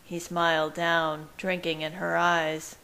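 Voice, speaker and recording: A woman with a low voice reading fan fiction aloud in the first person. She narrates at a steady, measured pace. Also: low-quality recording. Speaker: reader.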